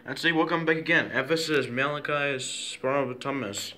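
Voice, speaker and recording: A man's voice: mid-range voice, normal speed, bright, forceful tone. A man fooling around in a playful home video, giggling, repeating himself and inventing silly names for himself.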